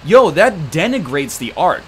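A male let's play host rambles from joke to tangent while he plays, his slightly high voice swinging up and down with animation. A faint hiss of noise sits under the recording. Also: sing-song, normal speed. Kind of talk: casual gameplay commentary.

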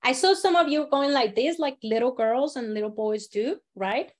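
A woman teaching a storytelling workshop, giving encouraging instructions and acting out sample lines with expressive voice changes. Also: sits high, normal speed. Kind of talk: workshop instruction with acted demonstrations.

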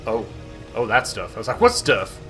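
A man hosting a gaming channel, giving excitable let's-play commentary, swearing and talking back to the game. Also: fairly low pitch, moderate pace. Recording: voice over loud game music.

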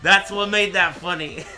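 A man's voice: sits high, fairly even intonation, a little slow. A man in his twenties streaming a game live, swearing and ranting at his chat in mock anger. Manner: profane, mock-angry banter with chat. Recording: game music underneath.

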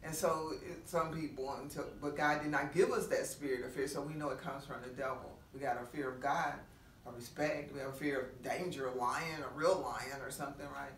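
A woman pastor giving a conversational sermon, full of rhetorical questions and quick asides. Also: extremely low pitch, steady tone. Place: church meeting room. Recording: roomy echo from a distant mic, faint noise.

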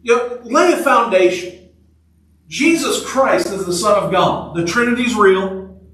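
This pastor's voice is high-pitched, animated and a bit bright, yet he takes his time. Preaching in the sanctuary, he jokes conversationally and leans on repeated short phrases, recorded distantly with heavy church-hall echo.

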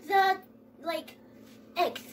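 A young woman with a high voice gives short, quiet replies while helping her mother bake. She sits a little back from the mic, with faint kitchen hum around her. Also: fairly even intonation, very slow, far from the mic. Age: teen or young adult daughter. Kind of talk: casual chat.

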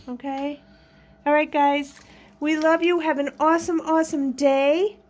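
A woman's voice: high voice, a little mellow. A woman vlogging at home at night, talking in a sing-song baby voice to her pets and chatting with viewers. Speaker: pet vlogger. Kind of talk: casual chat to pets and viewers.

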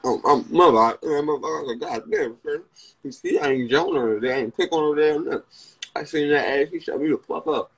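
A young man with a Washington DC area accent rambling to viewers on a livestream from a phone. He is profane and excitable, and he jumps into high, yelped quotes. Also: fast talker, slightly rough.

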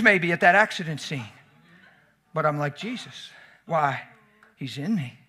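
Animated husky preacher man. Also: fairly high pitch, unhurried. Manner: animated, swings from shouts to whispers. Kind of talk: storytelling sermon.

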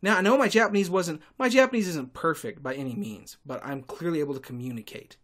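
A man hosting a podcast, telling stories in a sarcastic, irritable monologue with sudden loud outbursts. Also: fairly high pitch, fast talker. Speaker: podcast host and tour guide. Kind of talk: casual ranting monologue.

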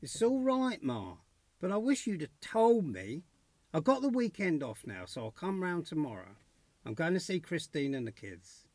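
Brief: an actor as a middle-aged son, blunt and short-tempered, with a very lively pitch. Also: male voice, normal speed. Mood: concerned. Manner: blunt and exasperated, with a rising temper. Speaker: actor in a student short film. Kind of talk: low-budget film acting.

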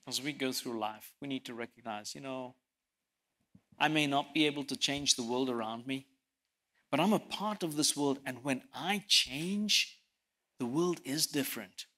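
A man preaching a sermon, telling stories and swinging from loud emphasis to soft, quiet lines, sometimes repeating words as he presses a point. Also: medium pitch, animated, unhurried, long pauses. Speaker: pastor.

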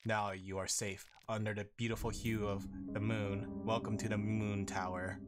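A man voicing a cryptic male servant of a moon god in a deliberately monotone voice, reading game dialogue aloud. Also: on the low side, over loud music, voice pushed down, natural voice. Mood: solemn. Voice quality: monotone, flat delivery.

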